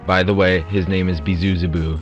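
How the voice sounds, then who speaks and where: A man's voice: low voice, level tone, a little fast, lo-fi sound, faint music behind, pitched below the performer's own voice, lightly acted. Man doing a droning possessed contestant. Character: sluggish male contestant sharing a body with a demon.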